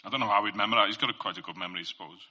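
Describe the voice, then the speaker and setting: A man's voice: fairly low pitch, very fast, bright, forceful tone. A man giving an informal Christian faith talk. He speaks earnestly and conversationally, sharing testimony and addressing listeners directly.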